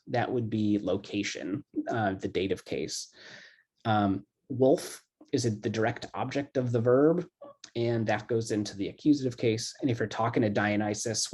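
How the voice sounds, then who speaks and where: A middle-aged classics professor talks through grammar in an online lecture, his mid-range voice warm. He keeps things loose and chatty, dropping plenty of "um" and "kind of."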